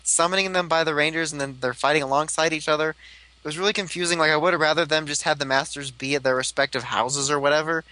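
A man's voice: fairly high pitch, fairly even intonation, fast talker, sharp tone, no room sound, poor audio. A young man chatting casually about a TV show, rambling with lots of fillers. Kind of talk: casual fan chat.

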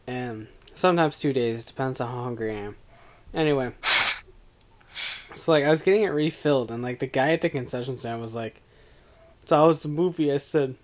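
A man's voice: mid-range voice, fairly quick. A man co-hosting a casual podcast, rambling through an anecdote with restarts and laughter. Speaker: podcast co-host. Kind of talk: casual chat about a movie.

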